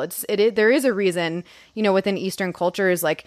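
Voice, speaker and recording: A woman's voice: mid-range voice, fast talker, few pauses, dry recording, clean studio sound. A woman co-hosting a casual film review podcast, rambling and reflective, saying "like" a lot. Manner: rambling, reflective, says "like" often.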